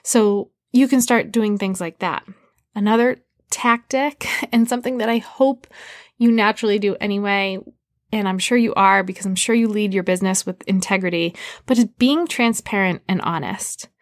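A woman's voice: medium pitch, normal speed, no echo, studio quality. A woman hosting her own podcast, giving business advice in a casual, conversational way with lots of "like". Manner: conversational, frequent "like", upbeat coaching tone. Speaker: podcast host.

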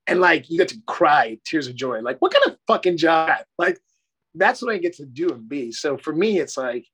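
A man's voice: a little high, big pitch swings, normal speed, fairly bright tone, husky. A middle-aged man, a life coach, talking effusively and emphatically in a casual interview, swearing casually.

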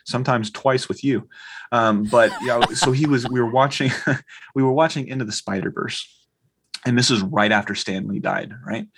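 A man's voice: normal speed, gravelly, background noise. A man in his thirties chatting casually, telling a story with lots of acted-out dialogue and swearing. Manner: animated storyteller, acts out quoted dialogue with big pitch jumps, swears freely. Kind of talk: casual chat.

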